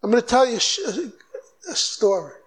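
Guy with a pretty high voice preaching hard, acting out little back and forths. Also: fairly quick. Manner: exhorting, animated, mimics dialogue. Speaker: guest preacher. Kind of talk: sermon.

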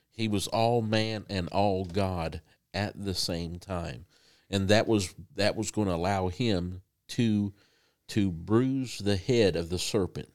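A man preaching a sermon in a conversational, halting way with frequent restarts. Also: sits low.

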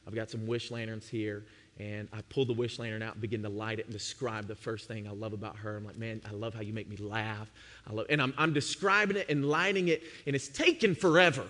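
Animated man preaching in a reverberant hall. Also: lowish voice, fast talker. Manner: animated storyteller, acts out his own past self. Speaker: pastor. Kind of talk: sermon with a funny personal story.

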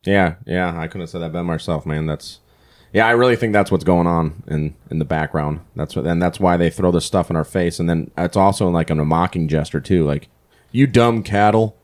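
A man's voice: low-pitched, steady tone, brisk. A man co-hosting a podcast, rambling and thinking aloud in casual chat. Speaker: podcast co-host.

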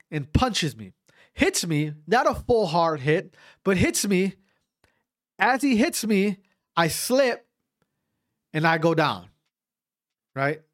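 In a high voice, a man casually narrates his own amateur fight, stammering, restarting often, swearing freely, and animatedly acting out other people's lines. The studio-quality recording has no room sound.

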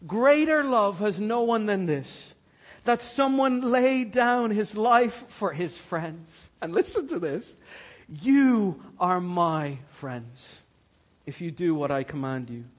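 A man with a high, husky voice preaching a sermon in a church. He talks slowly and lets his voice drop to a hush, then climbs loud and soaring. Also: animated. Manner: swings from hushed and slow to loud and soaring. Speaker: pastor.

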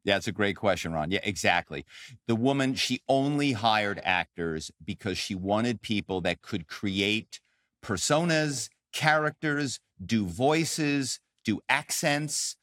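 Low-voiced man telling his story. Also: slow pace, no room sound, clean studio sound. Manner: animated storyteller, frequent "um" and "you know". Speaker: podcast guest, author and former corporate spy. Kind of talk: conversational interview storytelling.

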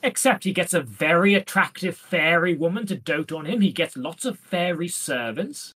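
A woman co-hosting a casual comedy podcast, talking in a deadpan, playful way and slipping into silly voices. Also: on the low side, moderate pace, husky. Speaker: podcast co-host. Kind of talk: casual comedic chat about Shakespeare.

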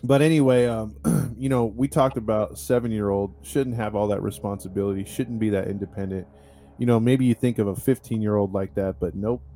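A man's voice: lowish voice, fairly even intonation, a little fast, warm tone, a little hiss or hum. A man, a podcast host, telling a true-crime story in a casual, chatty way, with lots of fillers and restarts. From United States.

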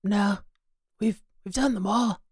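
A man doing a weary high-voiced woman co-worker. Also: takes it slowly, husky, dry recording, clean studio sound, full character voice. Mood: resigned. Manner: flat, resigned replies. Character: weary female radio co-worker.

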